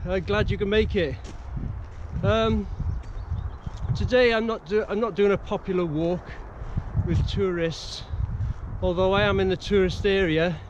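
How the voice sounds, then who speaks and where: A man's voice: sits high, measured pace. A man hiking and casually talking to his camera outdoors, rambling with plenty of fillers. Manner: relaxed, rambling, with many fillers. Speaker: hiking vlogger. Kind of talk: casual vlog narration. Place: outdoors on a windy hillside. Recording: dull outdoor camera audio with wind noise.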